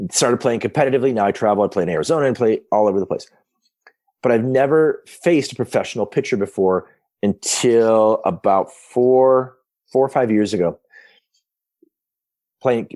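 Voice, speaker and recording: Speaking from his home office, a podcast guest in his fifties tells stories casually, excitedly and animatedly, often restarting his sentences. His pitch is fairly low.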